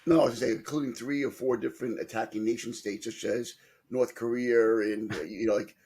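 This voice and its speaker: A man's voice: mid-range voice, fairly even intonation, a little fast, a little mellow, husky. A man with a Brooklyn accent, co-hosting a podcast and telling joking anecdotes in casual chat. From Brooklyn, New York. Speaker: podcast co-host.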